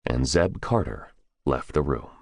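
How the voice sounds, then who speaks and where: A man narrates a thriller audiobook in a deep, low voice with a lively, varied melody. The delivery is measured and descriptive. The recording is dry and close-miked. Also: dry recording. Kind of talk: scripted narration.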